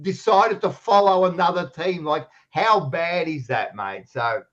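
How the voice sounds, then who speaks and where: Australian man, footy podcast co-host, loud and ribbing, slightly high voice, dull lo-fi audio. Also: animated, unhurried. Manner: loud, teasing, swears freely. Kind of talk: casual footy chat.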